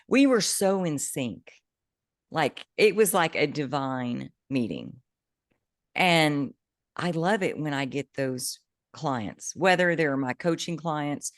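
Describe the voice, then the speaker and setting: Low-voiced woman telling an animated story. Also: dry recording, clean studio sound. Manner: animated storytelling, bursts of excitement. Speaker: podcast co-host, coach. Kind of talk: casual chat.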